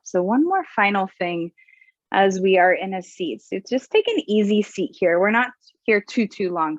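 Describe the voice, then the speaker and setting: A woman leading a gentle yoga class, giving calm, soothing cues about breath and posture. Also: lowish voice, no room sound, muffled recording. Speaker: yoga instructor. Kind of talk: guided yoga class instruction.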